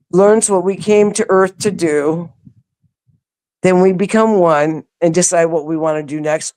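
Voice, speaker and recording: A woman telling a personal story as an interview guest, animated, acting out other people's lines and laughing often. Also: lowish voice. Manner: animated, acts out quoted voices, laughs often. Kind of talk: casual storytelling.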